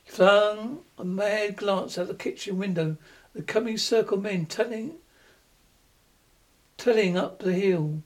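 A man's voice: sits high, measured pace, pauses often. A man narrating a dramatic story aloud.

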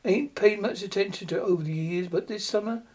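A reader voicing a frightened old male rural postmaster who warns in folksy, hushed urgency in a storybook reading. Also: medium pitch, brisk, breathy edge, natural voice. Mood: urgent warning. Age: older. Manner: secretive rustic warning, folksy grammar.

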